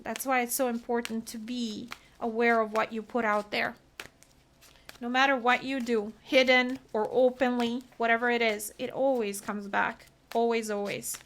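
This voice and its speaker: A woman's voice: fairly high pitch, level tone, normal speed, a bit bright, slight background noise. A woman giving a solo tarot reading, talking earnestly and emotionally through what the cards mean. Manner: earnest, emotional, talks through card meanings. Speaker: tarot reader.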